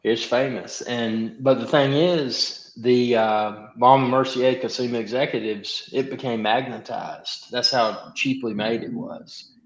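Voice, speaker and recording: A man's voice: mid-range voice, a little slow, few pauses. A man joining a livestream as a guest, talking casually and explaining his point at length. His voice sits in a middle range. The remote audio is roomy and dull, like a lo-fi connection with echo around him. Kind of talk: casual chat.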